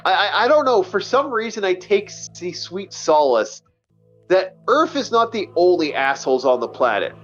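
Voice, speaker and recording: A man's voice: high voice, very animated, moderate pace, a bit bright, highs cut off, faint music behind. A man hosting a casual gaming chat, rambling and swearing with many stumbling restarts. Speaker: let's play host. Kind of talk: casual chat over gameplay.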